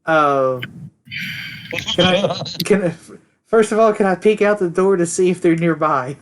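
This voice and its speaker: A man's voice: high-pitched, unhurried, a little hiss or hum. A young man playing a tabletop game, casual and a little hesitant. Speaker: player. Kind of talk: casual play.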